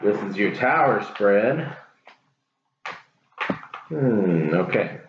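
With a lowish, expressive voice and drawn-out words, a tarot reader offers his viewers a casual reading over background noise. He comes across as earnest and encouraging while he rambles, recorded in an echoey room with dull, lo-fi sound.

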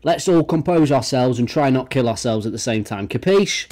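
A man's voice: mid-range voice, animated, normal speed. A young British man hosting a reaction video, ranting with sarcastic, sweary commentary at his desk mic. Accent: British English. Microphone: desk mic, no face cam.

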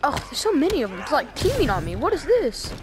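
A woman's voice: high voice, wildly swooping pitch, fast talker. A woman giving playful, rambling, silly commentary while she plays a video game. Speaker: gameplay commentator. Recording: voice over loud game music. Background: game music and sound effects.

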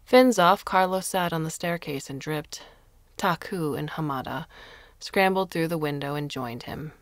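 A woman narrating a short story in a measured storytelling manner into a close mic. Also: deep voice, no echo. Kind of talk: scripted narration.

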